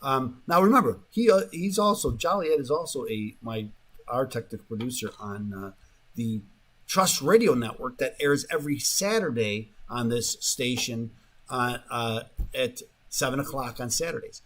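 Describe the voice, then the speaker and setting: A man's voice: mid-range voice, expressive, normal speed, a bit bright. A man hosting a talk radio show, rambling in a casual monologue full of fillers and restarts, sometimes mocking the voices of the people he quotes, in a radio studio.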